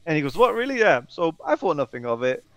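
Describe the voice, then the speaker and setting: Animated man telling a story. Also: fairly high pitch, fast talker, dry recording. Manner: animated storyteller who acts out quoted voices. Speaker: interview guest. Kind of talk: casual storytelling.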